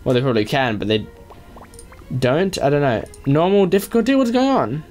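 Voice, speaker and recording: Man, let's-play commentary, excitable, jokey, lively swooping pitch, soft music underneath. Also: a little fast. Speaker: gaming video creator.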